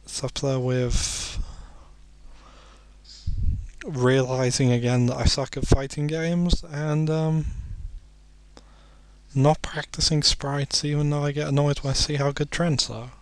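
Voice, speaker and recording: A sleepy man commentating a video game, rambling and making self-deprecating jokes between muttered asides. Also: medium pitch. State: sleepy, yawning. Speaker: let's play commentator.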